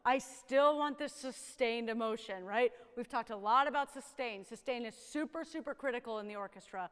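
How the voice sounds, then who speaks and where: A woman's voice: on the high side, normal speed, fairly bright tone, clear, resonant tone, in a large hall. A woman horn teacher coaching young players in a rehearsal, upbeat and encouraging, often checking in with "right?". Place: rehearsal room with young musicians.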